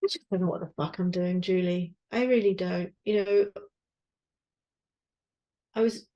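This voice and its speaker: A woman's voice: fairly low pitch, steady tone, a little slow, warm tone, highs cut off. A woman co-hosting a podcast, talking candidly and searchingly, swearing and trailing off mid-thought. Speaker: podcast co-host, guesthouse owner. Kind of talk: candid casual chat.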